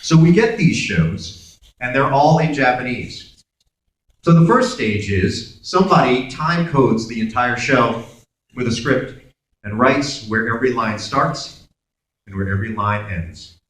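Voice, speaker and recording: A man from Brooklyn, speaking as a guest at a convention Q&A. He tells stories with a lively, swooping pitch and slips into voices for the people he quotes. He is picked up from far off by a camera in the audience, and the big hall rings around him. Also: unhurried. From Brooklyn, New York. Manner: animated, acts out dialogue in voices. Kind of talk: convention Q&A storytelling.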